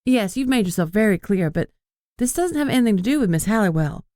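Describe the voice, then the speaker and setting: A man's voice: high-pitched, expressive, brisk, a little mellow, dry recording, studio quality, voice pushed up. A narrator voicing a confident young woman publicist who talks politely and with poise. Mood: poised.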